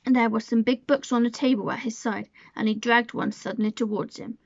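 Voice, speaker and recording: A woman narrating a storybook aloud in a gentle, measured way. Her voice sits slightly high and carries a gravelly grain. The sound is dry and dull, like a lo-fi home recording. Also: steady tone, no echo. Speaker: storybook reader. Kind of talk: storybook reading.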